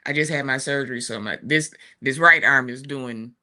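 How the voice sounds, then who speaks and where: On a talk show, a forties-aged woman with a very deep voice shares a family story at normal speed, with hardly any pauses. She's warm and chatty, tossing in laughs and asides, and her casual conversation comes through a streaming studio mic.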